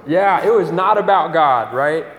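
A young man giving a conversational campus sermon, telling a lively personal story and often asking "right?". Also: fairly high pitch, measured pace, reverberant, in a large hall. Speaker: campus ministry speaker.

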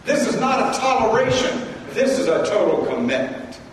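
A male pastor preaching a sermon, swinging between loud emphasis and quiet intensity. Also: high-pitched, sing-song, moderate pace, a little hiss or hum. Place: large church hall. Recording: echoey hall from far off.

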